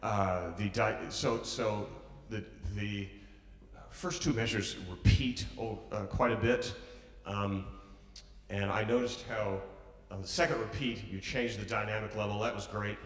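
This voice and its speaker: Leading a pianist through a piece in a master class, an unhurried male teacher with a lowish voice and fairly even intonation offers encouragement, counting or humming the phrases as they play. The sound is distant and echoey, like a hall, with piano playing throughout.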